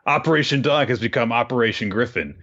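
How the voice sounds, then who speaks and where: A man's voice: mid-range voice, fast, a bit bright, lo-fi sound. A man casually recapping a manga story in a loose, rambling way, with lots of fillers and crude asides. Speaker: podcast host recapping a manga.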